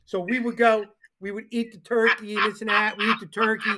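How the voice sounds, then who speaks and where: A man's voice: high-pitched, a little fast. A man co-hosting a casual sports talk show, telling stories animatedly and acting out the people he quotes. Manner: animated storyteller who acts out the people he quotes.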